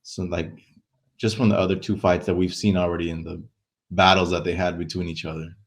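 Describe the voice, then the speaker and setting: A man co-hosting a casual sports chat show, relaxed and easygoing, often trailing off into filler words. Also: low-pitched, a little fast. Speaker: co-host.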